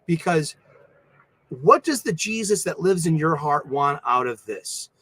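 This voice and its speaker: A man chatting casually on a livestream, rambling and animated, often breaking into laughs. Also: on the high side, unhurried, breathy edge, dry recording. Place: home studio.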